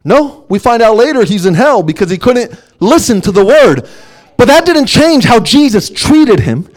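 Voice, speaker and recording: A man preaching a sermon, emphatic, dropping to hushed asides and then rising to loud exclamations. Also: extremely high pitch, big pitch swings, normal speed.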